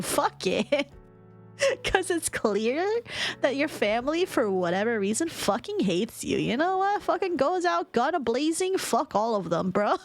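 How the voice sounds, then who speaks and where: Chatty, swearing young woman telling a story. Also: fairly high pitch. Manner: chatty, profane, laughing often, lots of fillers. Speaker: vlogger. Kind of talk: casual storytime retelling.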